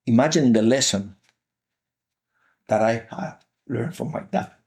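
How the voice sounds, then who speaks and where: A man's voice: medium pitch, a little slow, a little mellow. An older man from Cuba with a Cuban Spanish accent, telling his life story earnestly as an interview guest and repeating key phrases for emphasis.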